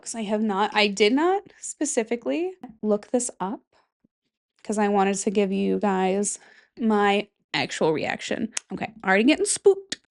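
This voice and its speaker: Young woman podcaster rambling and swearing, loud reactions, casual solo chat. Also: mid-range voice. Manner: chatty, swears a lot, reacts animatedly. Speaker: podcast host.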